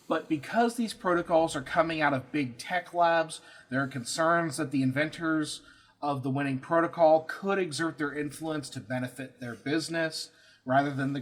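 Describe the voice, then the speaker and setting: A man co-hosting a podcast who reads from an article in casual chat, laughing and swearing easily. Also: on the high side. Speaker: podcast co-host.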